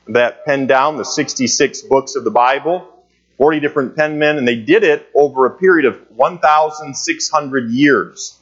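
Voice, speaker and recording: A man's voice: medium pitch, a bit bright, lo-fi sound. A man teaching a church Bible class in a conversational way, with many filler sounds, asking the class questions. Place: church meeting room.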